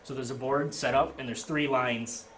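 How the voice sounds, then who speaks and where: A man's voice: mid-range voice, steady tone, moderate pace. A man narrating as game master of a tabletop game, casual and hesitant with fillers. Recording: noisy home recording.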